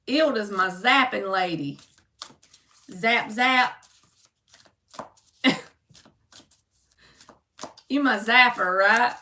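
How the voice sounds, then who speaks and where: A woman's voice: medium pitch, slow pace, pauses often, sharp tone, roomy sound. A woman giving a chatty live-stream tarot reading, calling viewers "baby" and reading card meanings aloud from a book. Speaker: tarot reader.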